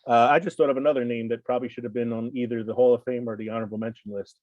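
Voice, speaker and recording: A man's voice: mid-range voice, very fast, no room sound, lo-fi sound. Joke-telling man, dry close mic. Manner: animated joke-telling, laughs often. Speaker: podcast co-host. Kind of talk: casual chat.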